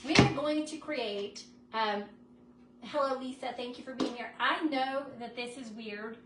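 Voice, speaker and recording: A woman's voice: high-pitched, unhurried, far from the mic. Chatty woman live-streaming crafts. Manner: chatty, greets viewers by name. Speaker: craft livestream host. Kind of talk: casual chat while crafting. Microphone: phone on a stand. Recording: echoey room, noisy phone audio.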